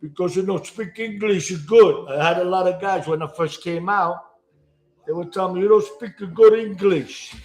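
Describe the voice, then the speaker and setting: A man's voice: high voice, normal speed, a little mellow, reverberant. A man with an Italian accent, chatting casually and rambling in broken English while he cooks at home. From Italy. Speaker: home cooking show host. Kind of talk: casual cooking chat to camera.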